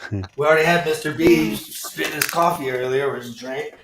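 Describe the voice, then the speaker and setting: A man with a lively, somewhat high voice, joking with friends on a video call. His sound is roomy and echoey, with loud noise behind it. He keeps cracking himself up. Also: fairly quick, creaky. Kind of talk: casual chat.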